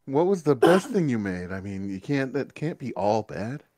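A man's voice: medium pitch, sing-song, normal speed, a little mellow, no echo, clean studio sound. A man playing a character in a tabletop game, speaking in a friendly, coaxing way. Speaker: player. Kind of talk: tabletop role-play, in character.

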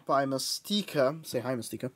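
A woman's voice: very deep voice, lively intonation, normal speed, no echo. A woman hosting a casual gaming podcast, teasing her co-host and swearing and laughing often.

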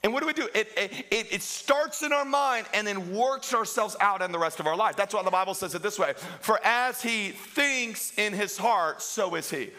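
Animated, bright-voiced male pastor preaching. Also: high voice, normal speed, hardly any pauses. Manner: animated storytelling with self-mocking humor and laughs; acts out quoted voices. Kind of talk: sermon.

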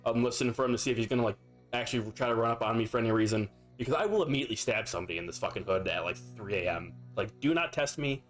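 A man's voice: mid-range voice, rapid-fire, faint music behind. Rambling, profane young man streamer. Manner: profane, rambling, filler-heavy. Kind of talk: casual storytelling while gaming.

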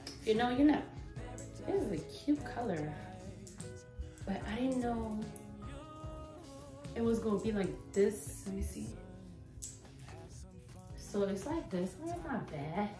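A woman's voice: mid-range voice, animated, slow, long pauses. Woman vlogger, chatty try-on haul, a bit breathless, far from the mic, roomy echo, faint music behind. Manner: chatty and playful, hyping herself up. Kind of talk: casual try-on haul chat.

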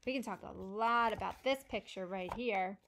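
A young woman speech-language pathologist reading a picture book to children, asking questions and praising answers slowly and encouragingly. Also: mid-range voice, a bit bright, slight background noise.

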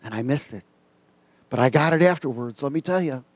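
A man preaching a sermon, telling a personal story in a folksy, colloquial way and reading scripture slowly and emphatically. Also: mid-range voice, expressive, no echo.

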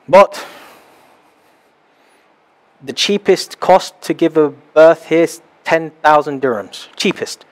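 Animated preaching man, fairly high voice. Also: takes it slowly, pauses often. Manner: animated, acts out little scenes. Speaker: pastor. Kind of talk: sermon. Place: small house church.

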